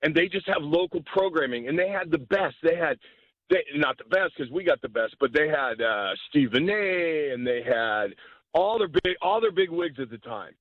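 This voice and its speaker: A man's voice: fairly high pitch, lively intonation, normal speed, no room sound. A man calling in to a sports radio show, rambling and meandering through his point over a tinny phone line. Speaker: caller. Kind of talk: rambling call-in talk.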